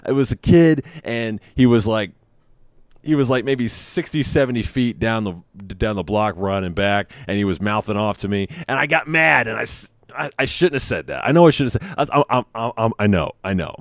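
A man telling a story in a casual monologue, animated, blunt and profane, and poking fun at himself. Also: fairly low pitch, normal speed, no echo, clean studio sound. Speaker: host of a parenting podcast.

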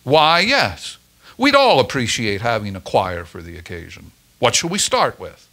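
Guy playing a gruff old ship captain, blunt and short with folks, bright lively voice. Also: mid-range voice, unhurried, full character voice. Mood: stern. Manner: blunt, terse.

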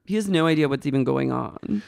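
A woman co-hosting a chatty podcast, her voice gravelly with a touch of fry. She talks animatedly, slipping into mimicking voices as she acts out quotes. The sound is dry and close to the mic. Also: rumbling low, expressive, fairly quick, a little mellow, dry recording. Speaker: podcast co-host. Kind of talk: casual chat recapping reality TV.

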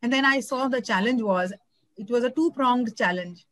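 A woman's voice: on the high side, moderate pace, fairly bright tone, no room sound, poor audio. A woman from India talking expressively about translating a novel, often searching for words and restarting. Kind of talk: conversational talk about translating.

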